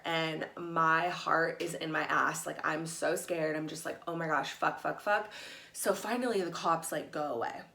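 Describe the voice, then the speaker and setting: A young woman telling a story to camera in a candid, profane and animated way. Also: lowish voice, reverberant. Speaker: vlogger.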